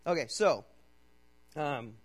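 A pastor preaching a sermon in a casual, conversational way. He keeps checking in with "okay?" and swings between loud, emphatic reading and low, quiet urging. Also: animated, slow, breathy edge, rough recording.

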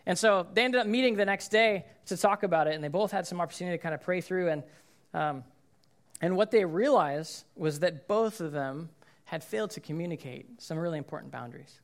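Chatty male pastor, slightly high voice. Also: fairly quick. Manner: casual, checks in with listeners; acts out quoted people in lively voices. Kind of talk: conversational sermon.

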